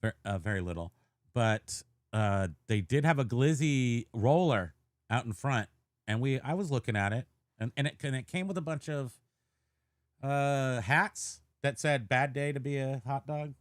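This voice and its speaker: A man chatting on a podcast in a playful, rambling, joking way. His voice sits at an ordinary middle pitch, recorded close and dry with no room sound. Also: expressive, unhurried, dry recording. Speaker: podcast co-host. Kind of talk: casual podcast chat.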